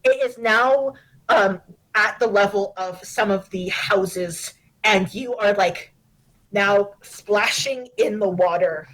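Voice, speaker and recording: A woman narrating a tabletop role-play as game master, relaxed and full of fillers. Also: medium pitch, slow pace, poor audio.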